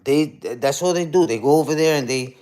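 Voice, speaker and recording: A man's voice: on the high side, fairly quick, dark tone. A young man ranting on a casual livestream, profane and combative, ending lines with "you heard?". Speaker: streamer.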